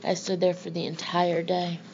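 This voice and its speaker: A woman narrating a first-person audiobook in a low, gravelly voice. She keeps a flat, steady line with little rise and fall. The recording is slightly muffled with a faint hiss. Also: normal speed. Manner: plain, steady storytelling.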